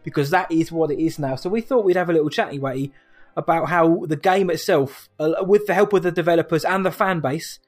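A man from the UK co-hosting a podcast in a jokey, upbeat way. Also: a little high. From United Kingdom. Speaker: podcast co-host. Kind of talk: casual chat.

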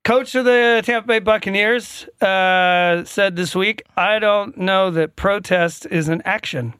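A man's voice: high-pitched, a little slow, fairly bright tone, clean tone, no room sound. A man co-hosting a podcast in casual chat, blunt and opinionated, swearing as he argues. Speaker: podcast co-host.

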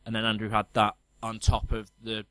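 A man in his thirties co-hosting a podcast, telling a story in animated, casual chat and laughing often. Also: on the low side, brisk, clean tone, no room sound. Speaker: podcast co-host.

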